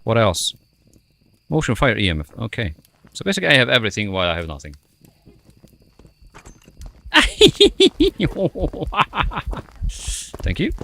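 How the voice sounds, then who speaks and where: Man with a wildly swinging pitch. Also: very animated, fast talker, vocal fry, bright, forceful tone. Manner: playful, self-mocking, muttering to himself. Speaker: streamer playing a ghost-hunting game. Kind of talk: casual gameplay commentary. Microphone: headset.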